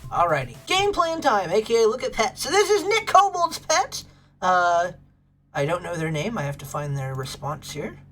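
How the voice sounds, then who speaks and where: Bubbly, lively woman streamer. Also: medium pitch, moderate pace, faint music behind. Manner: bubbly, gushes over pets and thanks chat. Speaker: livestream host. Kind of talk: casual livestream chat.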